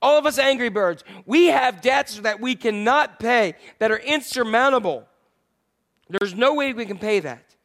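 A male pastor preaching a sermon in a conversational way, asking his congregation questions and moving between loud emphasis and quiet, hushed lines. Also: extremely high pitch, animated, moderate pace.

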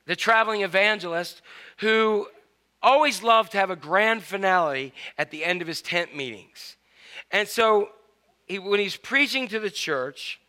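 Bright-voiced preacher telling a story. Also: male voice, high-pitched, clean tone. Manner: storytelling, animated, with acted-out quotes. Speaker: pastor. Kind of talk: sermon.

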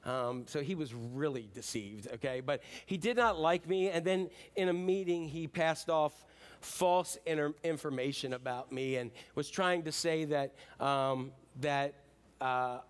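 A man's voice: on the high side, unhurried. A middle-aged man preaching a sermon, telling stories animatedly with frequent ums and acted-out quotes. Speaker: pastor. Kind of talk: storytelling sermon. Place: church sanctuary.

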